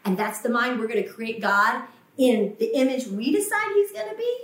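A woman with a high voice delivers a fervent sermon, acting out the voices of the people she quotes and driving points home through repetition. She is picked up from some way off the mic, and the room echoes around her. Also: expressive, moderate pace, fairly bright tone, recorded from a distance. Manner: impassioned, acts out quoted voices, emphatic repetition. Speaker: preacher.

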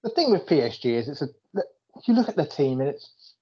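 A man's voice: mid-range voice, very animated, quick pace, warm tone. A British man co-hosting a podcast, chatting about football with lots of laughter and swearing. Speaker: podcast co-host. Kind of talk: casual chat about football. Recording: dull lo-fi recording.

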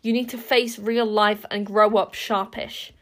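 A woman's voice: medium pitch, flat delivery, unhurried, natural voice. A woman voicing a contemptuous, imperious warrior queen in a storybook reading, cutting and cold. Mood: grim. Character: scornful, imperious middle-aged warrior queen.

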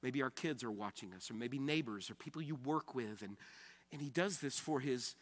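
A man preaching a sermon as pastor, conversational, rising to loud emphasis and dropping to soft, quiet lines. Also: medium pitch, normal speed, long reverb tail.

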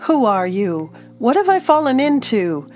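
A woman's voice: sits low, animated, normal speed, soft background music. Woman voicing a sarcastic young wizard woman. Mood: demanding. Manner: sharp, sarcastic retorts.

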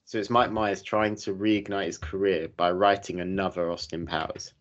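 A man chatting casually on a podcast, pitching ideas with enthusiasm and plenty of "uh" fillers. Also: flat delivery, normal speed. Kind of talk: casual chat. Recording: dull lo-fi mic.

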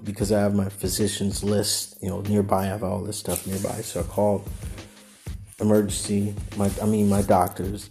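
A man hosting a podcast, telling a personal story in a rambling, animated way and acting out what people said. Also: lowish voice. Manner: rambling, animated, acts out quotes. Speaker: podcast host.

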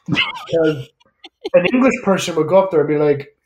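Male podcast co-host, slightly high voice, joking and animated. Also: moderate pace, long pauses. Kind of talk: casual chat.

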